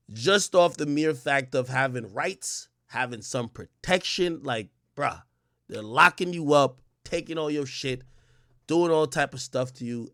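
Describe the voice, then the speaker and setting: A man's voice: medium pitch, fairly bright tone, no echo, clean studio sound. A young man hosting a livestream, ranting casually and heatedly, full of profanity and rhetorical questions. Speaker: livestream host.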